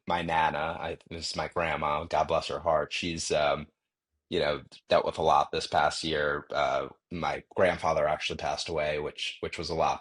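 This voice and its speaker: Husky low-voiced man rambling in an interview. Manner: rambling, full of fillers and restarts. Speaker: podcast guest, marketing entrepreneur. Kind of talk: casual interview answers.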